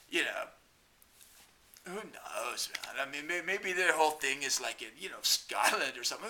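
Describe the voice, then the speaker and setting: A man's voice: on the high side, sharp tone. A man delivering a rambling, profane comic monologue, full of "man" and "you know", mocking as he goes. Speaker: comedic ranter.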